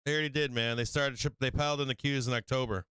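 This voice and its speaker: A man's voice: mid-range voice, steady tone, quick pace, bright, forceful tone, clean tone, no room sound. A man hosting a live stock market stream, rambling and mocking, swearing often as he talks to his viewers. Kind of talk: casual profane market chat.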